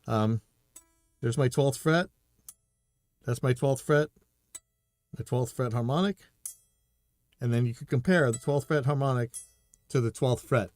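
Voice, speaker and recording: A man talks through a live stream in a loose, opinionated way, stumbling over restarts as he goes. His voice sits at an everyday middle pitch. The sound is dry and close, with no room around it. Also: gravelly, a little mellow, no room sound. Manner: rambling, opinionated, restarts often. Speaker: podcast host reacting to a video. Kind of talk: casual live-stream commentary.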